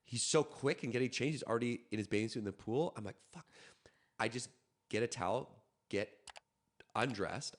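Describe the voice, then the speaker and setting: Deep-voiced man telling a story. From Canada. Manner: animated, rapid storytelling with frequent restarts. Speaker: podcast guest. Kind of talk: casual storytelling.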